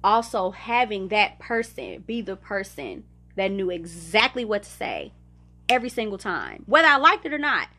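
A woman's voice: mid-range voice, big pitch swings, moderate pace, pushed and bright. A young woman from the United States hosting a podcast, talking candidly and conversationally about her life and laughing now and then. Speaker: podcast host. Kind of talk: reflective personal talk.

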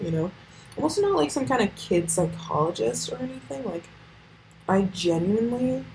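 A woman's voice: mid-range voice, darkish tone, a little hiss or hum, poor audio. A teenage girl hosting a casual solo podcast, rambling with lots of fillers and swearing. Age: teens. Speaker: podcast host.

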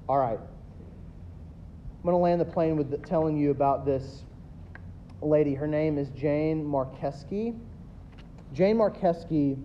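A pastor in his thirties preaching a sermon, swinging between loud emphatic builds and quiet asides. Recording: dull lo-fi recording with faint rumble.

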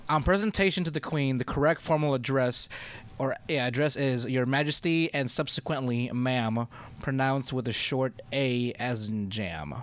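A man's voice: medium pitch, normal speed, fairly bright tone. A man co-hosting a podcast in casual chat, laid-back and laughing, rambling with restarts. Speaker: podcast co-host.

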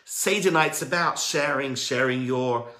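Guy preaching, pushes hard then goes quiet and earnest, bright tone, echoey room. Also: mid-range voice, unhurried. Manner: emphatic, swings between loud urging and quiet earnest tones. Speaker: religious speaker and life coach. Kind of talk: sermon-style teaching talk.

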